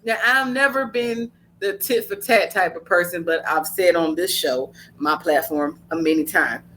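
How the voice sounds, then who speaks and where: Woman podcast host, punchy and blunt, bright edge to the voice. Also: lowish voice, moderate pace, a little hiss or hum. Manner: blunt, animated storytelling with slang. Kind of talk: casual podcast chat.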